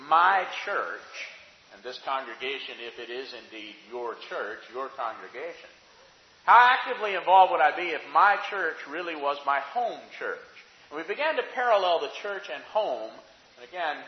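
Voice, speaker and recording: A fairly high-voiced man preaching an earnest sermon, leaning on key words and restarting his phrases as he goes. He sounds as if he is recorded in a church hall, with a roomy, lingering reverb and dull, muffled audio. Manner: earnest, emphatic, with pauses and restarts. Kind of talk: sermon-style Bible lesson.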